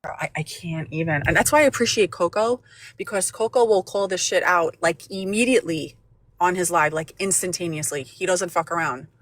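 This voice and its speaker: A woman's voice: lowish voice, normal speed, dry recording. Angry profane woman livestreamer. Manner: angry, profane, repeats herself. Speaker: livestream host. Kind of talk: heated livestream rant.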